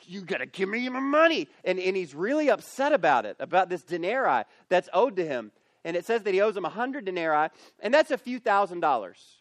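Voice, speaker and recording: Animated high-voiced male youth pastor. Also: no echo. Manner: animated, acts out characters in the story. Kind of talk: youth camp sermon. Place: camp meeting space.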